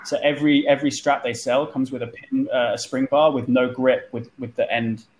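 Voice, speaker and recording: A man's voice: mid-range voice, little pitch movement, brisk, a little mellow, rough recording. A man telling stories in a casual group chat, often repeating words as he starts a phrase. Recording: light background noise.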